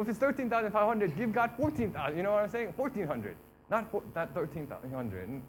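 Casual young preacher, lightly higher voice. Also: male voice, slight background noise, low-quality recording. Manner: conversational, acts out imagined prayers and complaints; frequent fillers like "you know" and "right". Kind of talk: sermon.

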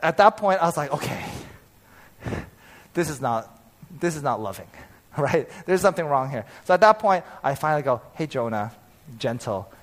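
A man in his thirties preaching as a pastor, telling a personal story with animated, acted-out quotes and frequent laughter. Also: on the high side, normal speed, pauses often.

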